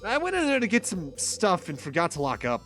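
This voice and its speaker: A man reading a flustered young male hotel bellboy aloud, with a high, yelping delivery. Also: wildly swooping pitch, fairly quick, fairly bright tone, soft background music, exaggerated voice.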